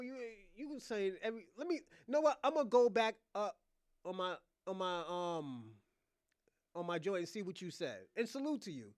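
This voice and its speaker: A man's voice: high-pitched, animated, normal speed, dry recording, studio quality. A man hosting a casual livestream rant, mocking someone, laughing often and repeating himself. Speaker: livestream host.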